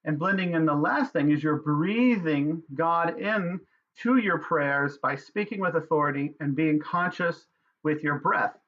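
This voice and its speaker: Male spiritual teacher, earnest measured delivery, slightly high pitch, dull lo-fi recording. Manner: earnest, measured, with pauses and fillers. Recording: dull lo-fi sound.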